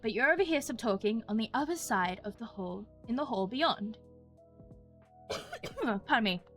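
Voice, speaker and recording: A woman's voice: fairly high pitch, a bit bright. A woman streaming a story game, giggly and self-mocking, reading the narration aloud and chatting.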